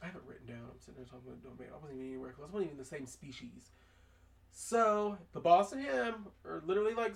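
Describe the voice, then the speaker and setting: Animated high-voiced man recapping. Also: far from the mic. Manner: animated, acts out characters' lines in raised voices. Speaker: podcast host. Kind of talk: casual recap of a cartoon.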